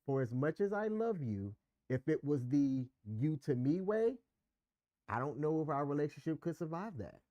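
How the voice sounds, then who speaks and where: A man's voice: fairly high pitch, very animated, normal speed, warm tone, dry recording, highs cut off. Candid man talking in a dry room. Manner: candid, emphatic, explains at length. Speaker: podcast co-host. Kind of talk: casual relationship chat.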